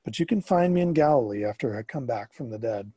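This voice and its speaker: Man narrating as a gentle, commanding male teacher, storybook reading, dark mellow tone, slightly husky. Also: medium pitch, expressive, fast talker, dry recording, clean studio sound. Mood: somber. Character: calm, firm adult male spiritual teacher.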